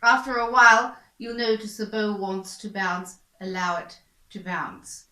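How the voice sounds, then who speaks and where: A woman's voice: medium pitch, little pitch movement, measured pace, bright, forceful tone, echoey room, poor audio. A woman violin teacher patiently explaining bowing practice, repeating points and encouraging the student. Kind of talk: instructional explanation.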